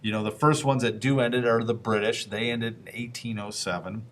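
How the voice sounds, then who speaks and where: A man of middle pitch lectures on history the way a teacher talks to a class. He keeps it loose and conversational, throws questions at his listeners and slips into quick, playful voices for historical figures before picking the thread back up. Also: steady tone, fairly bright tone, a little hiss or hum.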